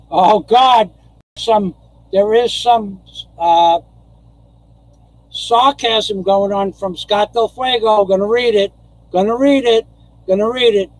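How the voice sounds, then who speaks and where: A man's voice: high voice, slow, long pauses, rough recording. An older man from New York rambling through a casual live stream, repeating phrases and chuckling as he goes.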